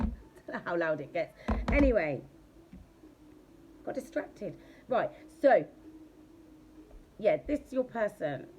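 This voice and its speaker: A woman's voice: medium pitch, darkish tone, slight background noise. A woman giving a casual tarot reading. She talks bluntly and chattily, and she swears freely. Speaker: tarot reader.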